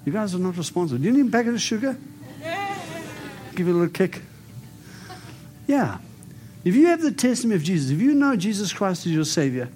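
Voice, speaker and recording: A man's voice: sits high, darkish tone, slight background noise. A man preaching and prophesying over a congregation, emphatic and declaring, often coaxing his listeners to respond. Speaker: preacher giving prophetic ministry. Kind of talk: charismatic sermon and prophecy.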